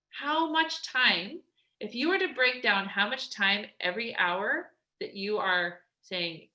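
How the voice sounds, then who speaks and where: A woman weight loss coach giving an energetic, emphatic motivational talk, chatty with lots of restarts. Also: a little high, moderate pace. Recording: roomy echo.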